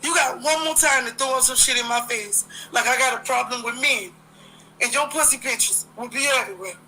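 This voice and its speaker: A woman's voice: a little high, fairly quick, bright, forceful tone, a little hiss or hum, low-quality recording. A woman hosting a livestream, delivering a heated, profane, confrontational rant full of repeated jabs. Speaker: livestream host.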